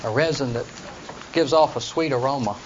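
A man's voice: mid-range voice, normal speed. A man teaching a Bible study class, explaining plainly and reading scripture aloud to his students. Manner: explains plainly, reads scripture aloud in King James wording. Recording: dull lo-fi recording with faint noise.

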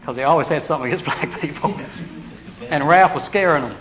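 A man preaching a storytelling sermon, animated, acting out the voices of people he quotes. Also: fairly high pitch, fast talker. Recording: dull lo-fi sound with faint hiss.

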